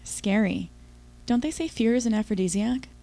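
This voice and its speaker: A woman's voice: on the high side, lively intonation, normal speed, creaky, dark tone. A woman giving an intimate, confiding first-person audiobook narration.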